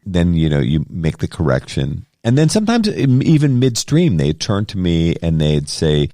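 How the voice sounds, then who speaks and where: A man's voice: extremely low pitch, big pitch swings, moderate pace, few pauses, dark tone, no echo, studio quality. A middle-aged man co-hosting a podcast, talking in a casual, earnest and rambling way with frequent restarts. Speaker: podcast co-host. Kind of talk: casual conversation.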